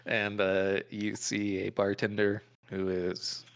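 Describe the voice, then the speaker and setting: A man's voice: on the low side, monotone, slow pace, clear, resonant tone. A man running a tabletop role-playing game as game master, narrating casually and laughing often. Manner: casual, laughing between lines.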